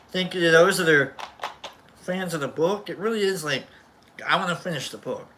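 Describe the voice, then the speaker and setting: A man hosts a casual chat show in a fairly high voice with vocal fry and a sharp tone, talking a little slowly. He rambles, breaks off mid-thought and jokes a lot, against slight background noise.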